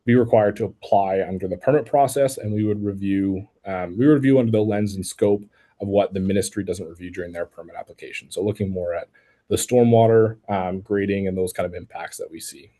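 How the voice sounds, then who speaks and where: A man's voice: low-pitched, brisk, dark tone. A man from the city staff answering residents' questions at an online public meeting, careful and technical, often restarting his sentences with "um".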